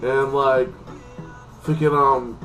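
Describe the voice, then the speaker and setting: Man reviewing a show, rambling recap full of fillers, mid pitch, soft guitar music underneath. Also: little pitch movement, slow, rough recording. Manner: loose, repetitive, heavy on "like this" fillers. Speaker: TV episode reviewer.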